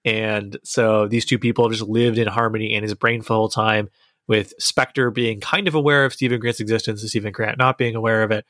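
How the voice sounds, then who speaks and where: A man's voice: on the low side, fairly even intonation, fairly quick, a bit bright, no echo, studio quality. A man chatting casually as a podcast co-host, enthusiastic and rambling as he reviews a TV series. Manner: enthusiastic, rambling, restarts sentences.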